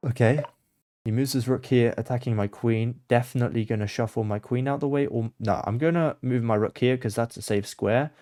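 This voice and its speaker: A man's voice: mid-range voice, steady tone, fairly quick, no echo, studio quality. A man thinking aloud as he plays blindfold chess for his channel, muttering his moves and getting flustered when he loses track of the board. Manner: mutters moves to himself, swings between quiet focus and flustered panic. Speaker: chess content creator.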